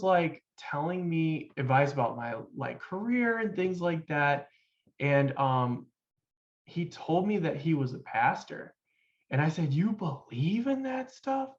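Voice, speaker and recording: A young man, a podcast guest, telling his life story casually with loose, halting phrasing and many fillers. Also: on the high side. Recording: dull lo-fi sound.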